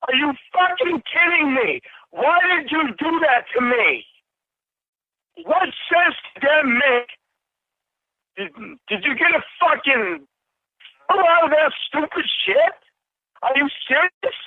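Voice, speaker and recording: Furious man shouting down a phone line. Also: extremely high pitch, expressive, takes it slowly, long pauses, dry recording. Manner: furious, swearing, accusing. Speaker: caller. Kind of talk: angry phone confrontation.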